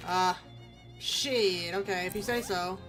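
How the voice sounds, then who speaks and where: A woman's voice: lowish voice, slow pace, music in the background. A woman streaming a video game, reading its text aloud with casual, laughing asides.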